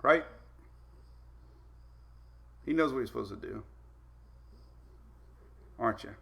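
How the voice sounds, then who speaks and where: Gravelly weather host chatting casually. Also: male voice, mid-range voice, lively intonation, takes it slowly, a bit bright. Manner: chatty, laughs often, talks to his dogs. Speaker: weather live-stream host. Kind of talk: casual live-stream chat.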